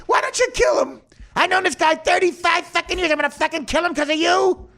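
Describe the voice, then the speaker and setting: Man doing a hot-headed Midwestern mobster, Chicago accent, gravelly and ranting. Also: very high-pitched, brisk, pitched above the performer's own voice, full character voice. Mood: furious. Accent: put-on Chicago mob accent. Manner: profane, snarling, loud ranting. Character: hot-tempered middle-aged male Midwestern mobster.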